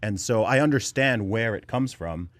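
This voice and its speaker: A man's voice: lowish voice, expressive, moderate pace, dry recording. A man from England, a podcast guest, talking in a casual panel discussion with frequent fillers and restarts.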